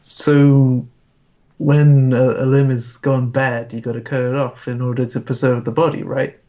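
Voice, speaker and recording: A man's voice: mid-range voice, level tone, a little slow, mellow, highs cut off. A man playing his character in a tabletop game, easygoing and polite. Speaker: player.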